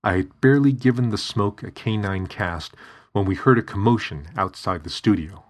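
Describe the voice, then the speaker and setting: A man reading a story aloud in steady, even scripted narration. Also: lowish voice, moderate pace.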